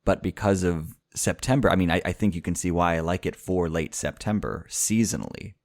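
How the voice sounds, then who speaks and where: A man's voice: low voice, a little fast, darkish tone, no room sound. A man co-hosting a casual podcast, easygoing and joking, now and then reading a written review. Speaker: podcast co-host.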